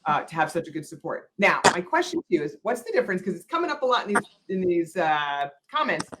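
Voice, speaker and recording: A woman's voice: on the low side, sing-song, fast, fairly bright tone, a little hiss or hum, low-quality recording. A woman veterinarian hosting an interview, talking casually and rambling, correcting herself often with lots of fillers. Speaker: veterinarian host.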